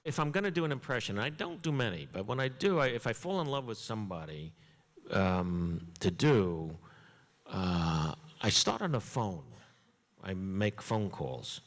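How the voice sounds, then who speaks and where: A man who is a comedian guest, telling an anecdote in a chatty, animated way with frequent fillers. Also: on the low side, measured pace, in a large hall. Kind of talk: storytelling anecdote.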